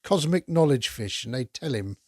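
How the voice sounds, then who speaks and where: A man's voice: mid-range voice, lively intonation, normal speed, dry recording, studio quality. A man hosting a podcast, chatting enthusiastically through a casual film review and swearing now and then. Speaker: podcast host.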